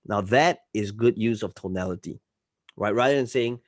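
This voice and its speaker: A man's voice: fairly low pitch, moderate pace, dry recording. Dry-sounding male coach teaching live online. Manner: frequently checks in with listeners, swings between loud and soft. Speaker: marketing coach.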